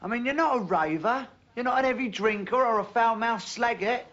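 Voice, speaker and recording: An actor playing a cocky, joking young builder with a Geordie accent in a 1980s TV comedy-drama, matey and kind at heart. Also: male voice, very high-pitched, brisk, fairly bright tone. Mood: firm. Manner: joking, matey, calls people love and son. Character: cocky young male builder abroad, jokey but decent. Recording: dull lo-fi TV audio, faint hiss.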